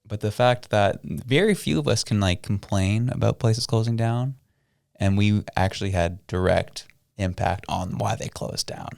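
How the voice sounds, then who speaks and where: Gravelly-voiced sarcastic male podcast host. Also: lowish voice, measured pace, a little mellow, dry recording, studio quality. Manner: joking, sarcastic, loose slang. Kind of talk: casual political chat.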